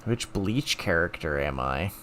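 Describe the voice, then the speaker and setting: A man's voice: low-pitched, animated, a little slow, sharp tone, slight background noise. A man streaming live, thinking aloud in a self-mocking casual way while taking quizzes.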